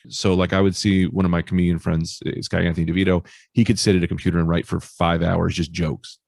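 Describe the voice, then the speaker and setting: A male stand-up comedian telling stories in a casual interview, animated and swearing freely. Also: deep voice, vocal fry, dry recording, studio quality. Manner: animated storyteller, swears freely, acts out quoted voices. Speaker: stand-up comedian, podcast guest.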